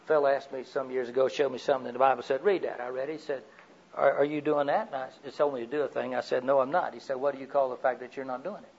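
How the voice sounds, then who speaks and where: An older man preaching a sermon, telling personal stories in a folksy way, swinging from loud to quiet. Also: medium pitch, steady tone, rapid-fire, slightly rough, muffled recording.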